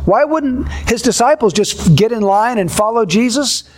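A male pastor preaching a sermon in a measured, deliberate way, building repeated contrasts. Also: extremely high pitch, expressive.

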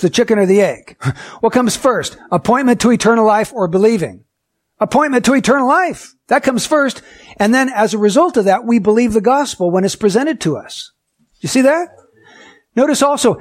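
A male pastor preaching a sermon in a fairly high voice. He speaks earnestly and emphatically, and he keeps asking the congregation rhetorical questions. He slows down to stress the words that matter. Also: a little mellow.

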